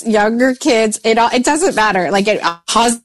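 A woman in her forties talks as a mindset coach, her pitch leaping up and down as she acts out her own thoughts. She chats casually and laughs often. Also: animated, moderate pace, soft background music. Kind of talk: casual podcast chat.

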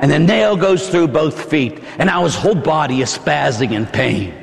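A man's voice: a little high, big pitch swings, a little slow, vocal fry, hardly any pauses. Impassioned male preacher in a reverberant hall. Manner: impassioned, acts out the crucifixion with shouts and gasps. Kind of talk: dramatic sermon.

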